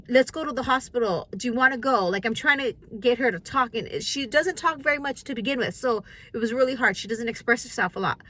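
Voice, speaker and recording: A middle-aged woman tells a personal story straight to camera. Her voice is bright and fairly high, and she keeps restarting her sentences as she acts out the dialogue in an animated way. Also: rough recording. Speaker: vlogger.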